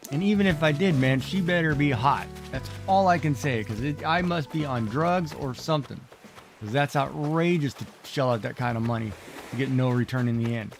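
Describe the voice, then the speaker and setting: A man's voice: mid-range voice, normal speed, soft background music. Middle-aged man, casual game streamer, rambling and exclamatory, mid-range voice. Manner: rambling, exclamatory, talks back to game characters. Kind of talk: casual chat while playing.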